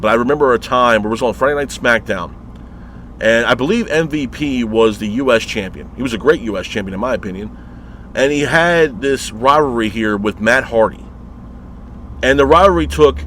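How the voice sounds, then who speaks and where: A man's voice: medium pitch, brisk, a bit bright. Male show host, fed-up and foul-mouthed, mid-range voice, faint traffic hum behind him. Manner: profane, exasperated ranting; rhetorical questions and repeated complaints. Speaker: wrestling show reviewer. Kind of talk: ranting vlog review.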